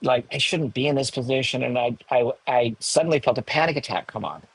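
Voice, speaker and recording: Husky man in his sixties telling a story. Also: medium pitch, a little fast, rough recording. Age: 60s. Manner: emotional, animated, self-mocking asides. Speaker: guest. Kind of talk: candid personal storytelling. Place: home in the hills above a large city.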